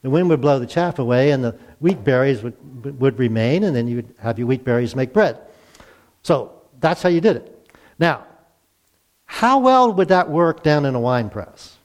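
A man's voice: medium pitch, animated, moderate pace. A male pastor preaching a sermon in a conversational way, asking rhetorical questions. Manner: conversational, asks rhetorical questions, acts out quotes.

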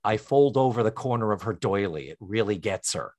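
A man co-hosting a podcast, recapping a sitcom in casual chat as an animated storyteller. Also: a little fast. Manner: animated storyteller, sing-song pitch swings. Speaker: podcast co-host.

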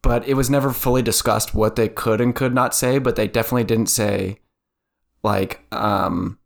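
A woman co-hosting a casual chat podcast, talking in a relaxed, loose way with lots of fillers and trailing sentences. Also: very deep voice, normal speed, vocal fry. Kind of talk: casual chat recapping a reality show.

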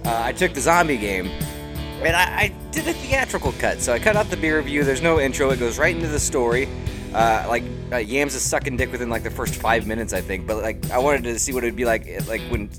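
A man's voice: medium pitch, expressive, quick pace, over music. A man hosting a podcast, giving a rambling, self-mocking, profane intro in casual talk. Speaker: podcast host.

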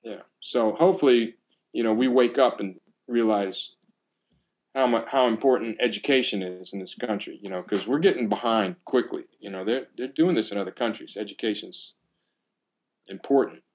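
Man, percussion teacher, casual animated storyteller on a podcast. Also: on the low side, moderate pace.

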